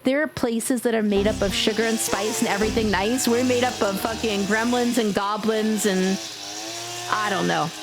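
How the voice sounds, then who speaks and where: A woman streaming a game live, talking loudly and playfully to her chat, teasing and swearing. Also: medium pitch, steady tone, normal speed, over music.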